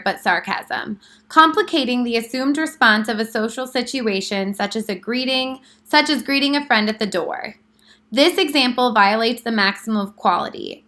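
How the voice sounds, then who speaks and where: Bright-voiced woman reading a lecture. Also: a little high. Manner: careful, read-aloud delivery with slips. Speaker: presenter of a class talk.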